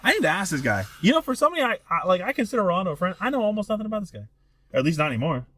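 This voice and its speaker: A man's voice: high-pitched, big pitch swings, rapid-fire, a bit bright, slight background noise. A young man co-hosting a casual podcast, rambling and profane, often cutting himself off mid-sentence. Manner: rambling, profane, self-interrupting storyteller. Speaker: podcast co-host. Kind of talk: casual chat.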